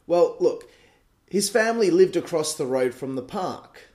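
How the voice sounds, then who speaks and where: An Australian man in his late twenties hosts a podcast and tells crude, animated stories. He swears freely, and his voice sits a touch higher than most men's. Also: measured pace. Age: late 20s. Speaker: podcast host. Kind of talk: casual storytelling monologue.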